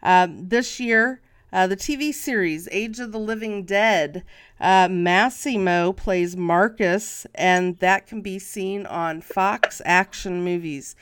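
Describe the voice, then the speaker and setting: A woman hosts a podcast interview with a bright, clear voice. She talks slowly and with enthusiasm. She often stumbles and repeats her words as she frames her questions. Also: medium pitch. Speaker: podcast host. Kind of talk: casual interview chat.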